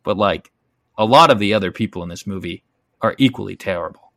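A young man chatting casually as a podcast co-host, in a low voice recorded dry and close. He rambles with loose enthusiasm, peppering his talk with fillers. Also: fairly quick, creaky, a bit bright, dry recording. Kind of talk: casual chat.

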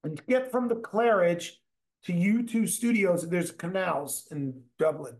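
A man, a bass player, telling rambling, profane stories in a casual chat. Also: measured pace. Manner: animated, profane, rambling anecdotes. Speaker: musician guest, bass player.

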